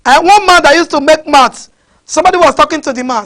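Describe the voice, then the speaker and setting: A woman preaching a sermon, animated, mixing in pidgin and often asking the crowd "huh?". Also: high-pitched, quick pace. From West Africa.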